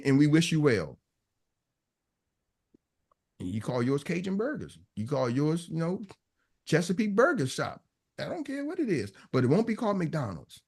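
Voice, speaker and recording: A man giving a business coach's motivational talk to a live online audience, emphatic and preachy, hammering his points home through repetition. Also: sits high. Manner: emphatic, preachy, repeats punchlines.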